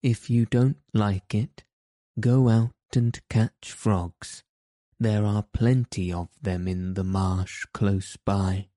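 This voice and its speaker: A man's voice: fairly low pitch, fairly even intonation, slow, mellow, no room sound, clean studio sound. A man reading as a selfish, harsh young brother. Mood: scornful. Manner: curt, scornful.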